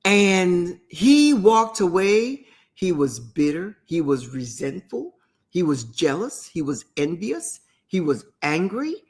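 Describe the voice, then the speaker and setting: A woman's voice: fairly low pitch, very animated, slow, darkish tone, slightly rough. A woman hosting a talk show, retelling a parable in a conversational way, with restarts and asides. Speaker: host. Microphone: streamed talk show mic.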